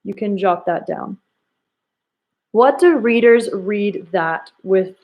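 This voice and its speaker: A woman teaching a recorded reading lesson to children, asking slow, emphatic questions and acting out the quoted lines. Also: mid-range voice, lively intonation, a little mellow.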